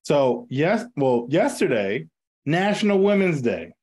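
A man with a somewhat high voice chats casually as a podcast co-host. His talk is loose and slangy, and he laughs often. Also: big pitch swings, unhurried, a little mellow. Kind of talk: casual chat.

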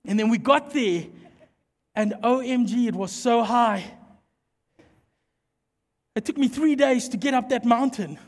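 Preacher, animated and playful, long church-hall reverb. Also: male voice, extremely high pitch, a little slow, pauses often. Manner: animated, playful, jokes with the congregation. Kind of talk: sermon with humorous storytelling.

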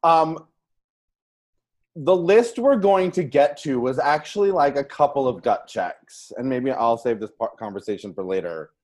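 A woman's voice: very deep voice, lively intonation, a little slow, darkish tone. A woman co-hosting a podcast in casual chat, bubbly and giggly, rambling between stories. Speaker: podcast co-host.

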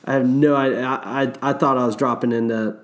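A man with a medium-pitched, brisk voice casually recounts his river guiding days. He's animated, swears freely and acts out the quotes as he tells the story.

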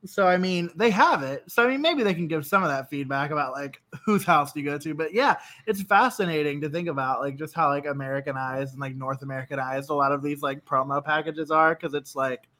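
A woman from Northeast Ohio co-hosting a podcast from her home desk, chatting casually with lots of fillers and sudden jumps in pitch. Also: brisk, hardly any pauses, a bit bright. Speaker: podcast co-host. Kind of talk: casual chat.

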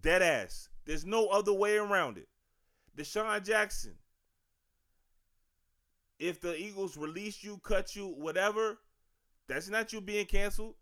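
A man's voice: high voice, lively intonation, measured pace, long pauses, fairly bright tone. Emphatic D.C. man ranting on a podcast. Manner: emphatic, slangy, profane ranting. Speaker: podcast host. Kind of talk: casual sports and culture commentary.

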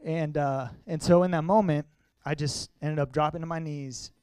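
A young man sharing a personal testimony with a congregation, talking earnestly and conversationally, sometimes halting with emotion. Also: fairly high pitch, steady tone, a little mellow, smooth, no echo. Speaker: church speaker sharing testimony.

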